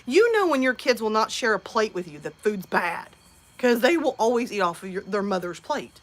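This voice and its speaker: A woman's voice: medium pitch, big pitch swings, moderate pace. A woman in her thirties hosting a casual live stream from home, chatting and answering viewers' comments.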